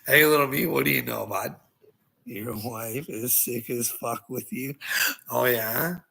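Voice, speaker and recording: A man rants at his critics in a taunting, mocking way, swearing and breaking into laughter. His voice is gravelly, husky and sharp-edged. He talks slowly, and his pitch swings widely. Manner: profane. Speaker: online video creator. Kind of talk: ranting monologue to critics.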